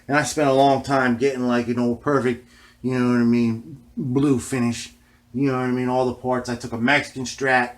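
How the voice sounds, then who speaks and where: A man's voice: medium pitch, level tone, normal speed. A man vlogging in a casual, rambling way, swearing often and ending nearly every phrase with "man". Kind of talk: casual rambling vlog talk.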